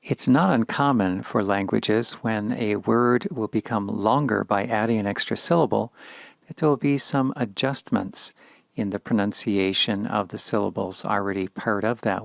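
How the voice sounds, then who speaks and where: A man giving a slow, measured grammar lesson in a recorded lecture. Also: on the low side, gravelly, dry recording. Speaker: Hebrew teacher.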